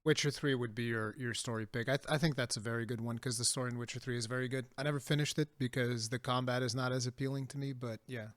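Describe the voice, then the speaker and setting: A man hosting a casual gaming podcast, telling animated stories and laughing often. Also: medium pitch, fast talker, hardly any pauses, no echo, studio quality. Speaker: podcast host.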